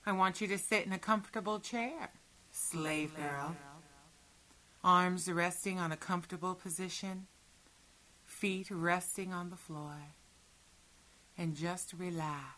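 Woman, whispered role-play, very slow, soothing and commanding, low-ish voice, bright edge, breathy whispers. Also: fairly even intonation. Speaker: hypnosis audio performer.

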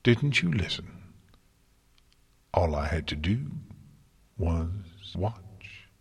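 A man voicing a sinister male trickster spirit that taunts softly, in a long reverberant hall. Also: deep voice, sing-song, drawn-out words, vocal fry, husky, exaggerated voice. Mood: mocking.

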